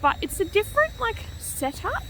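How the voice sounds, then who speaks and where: A young woman chatting casually to camera as a book vlogger, animated and full of fillers. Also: very high voice, normal speed, slight background noise. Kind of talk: casual vlog chat.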